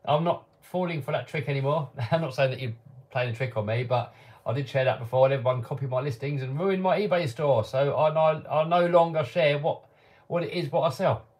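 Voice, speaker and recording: Male host, slightly higher voice, laid-back live chat Q&A, reads questions then answers offhand. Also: brisk, a little mellow. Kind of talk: casual live-stream Q&A. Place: home workshop.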